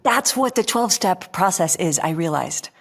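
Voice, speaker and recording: A woman guest on a podcast, chatting casually, telling stories in a lively way, acting out quoted voices and saying "like" often. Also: fairly low pitch, moderate pace, vocal fry, slightly rough. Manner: animated storyteller who acts out quoted voices, heavy use of "like".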